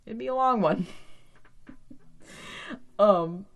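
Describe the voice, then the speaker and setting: Animated woman recapping a TV episode. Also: medium pitch, drawn-out words. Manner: animated, frequent "like", swearing. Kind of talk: casual chat recapping a TV episode.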